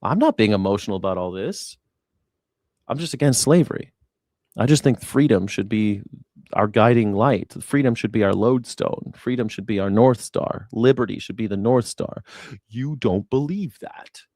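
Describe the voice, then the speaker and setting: This male host reacts to the news live, speaking right to his chat with mockery and sarcasm while shifting between booming jabs and quiet asides. His pitch sits fairly low, his speed is normal, and the studio-quality recording has no room sound.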